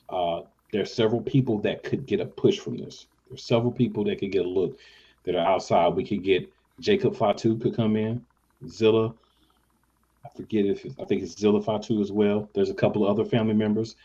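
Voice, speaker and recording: A man hosting a casual podcast, talking in an energetic, playful way. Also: fairly low pitch, slightly rough. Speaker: podcast host. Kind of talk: casual chat. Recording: dull lo-fi audio.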